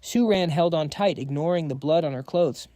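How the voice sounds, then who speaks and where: A man's voice: a little high, normal speed, mellow, no room sound, clean studio sound. A man narrating a fantasy comic recap in a dramatic, scripted storytelling style.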